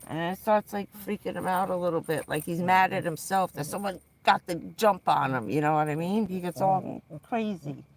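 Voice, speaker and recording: A woman livestreams casual chat from her van, parked at night, speaking in a fairly low voice. She's blunt and quick to swear, and she alternates between scolding and soothing her dog.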